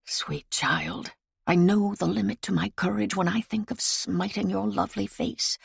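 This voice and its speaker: A woman reading the part of a grown man in a period romance, speaking low, hushed and measured. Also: steady tone, gravelly, breathy edge, dry recording, clean studio sound, exaggerated voice. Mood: tender. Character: grown man, tender yet stern and reluctant.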